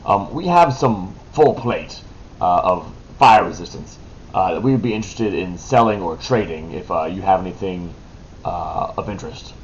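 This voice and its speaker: A man with a low voice plays a tabletop game, his pitch swinging widely as he reacts. He talks casually and gets excited quickly, with faint noise behind him. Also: muffled recording. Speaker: player.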